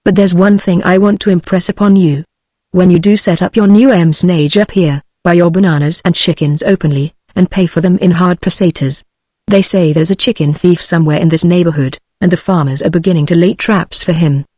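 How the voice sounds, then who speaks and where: A text-to-speech woman's voice with a British English accent, reading the lines of a brisk, teasing male island doctor in an even tone. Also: lowish voice, dry recording, natural voice. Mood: bluff. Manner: even synthetic reading, no character voice.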